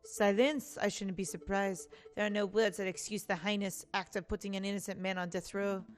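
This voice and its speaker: A woman's voice: mid-range voice, fairly even intonation, a little fast, soft background music, voice pushed down, lightly acted. A woman voicing a cold, contemptuous villain who belittles the hero. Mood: scornful. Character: scornful villainous man taunting the lawyer.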